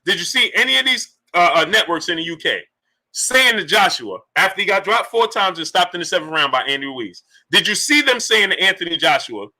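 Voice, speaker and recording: A man commentating on boxing during a live stream, reading super chats aloud and hammering his points with repeated rhetorical questions. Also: on the high side. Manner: animated, repetitive, emphatic rhetorical questions.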